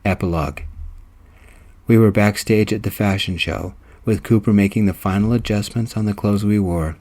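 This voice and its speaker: A man reading his own romance story aloud, steady and even. His voice is low and mellow, with a soft, dark warmth. The narration is scripted and calmly paced. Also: moderate pace. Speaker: storyteller and reader.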